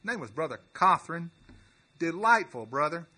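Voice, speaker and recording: A male pastor telling a story in a sermon, earnest and halting, with many restarts, who rises into emphatic preaching. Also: a little high, sing-song, sharp tone.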